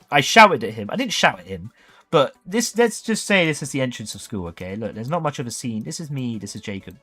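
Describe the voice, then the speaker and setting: Young man, livestream host, animated and jokey storyteller with a very lively delivery. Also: medium pitch. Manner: animated, jokey, acts out voices.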